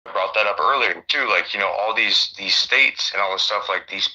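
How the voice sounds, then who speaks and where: A man with a low, very bright and forceful voice, rambling through casual chat with plenty of swearing and "like" and "um". The recording sounds dull and lo-fi. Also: normal speed, slightly rough. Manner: rambling, profane, many fillers.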